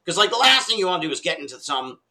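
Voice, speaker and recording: A middle-aged man telling a story in casual conversation, animated and laughing often, with casual swearing. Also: fairly high pitch, racing, a little hiss or hum, low-quality recording. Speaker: podcast guest.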